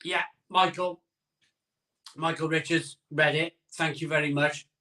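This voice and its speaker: Bright-voiced man rambling on a stream. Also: a little high, steady tone, a little slow, far from the mic. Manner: rambling, reads viewer comments aloud. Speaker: live-stream host. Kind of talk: casual live-stream chat. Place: home room, live stream.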